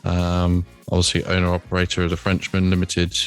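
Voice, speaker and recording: Very deep-voiced podcast host. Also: male voice, a little fast, smooth, faint music behind. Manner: relaxed, chatty, many ums. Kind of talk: casual podcast interview.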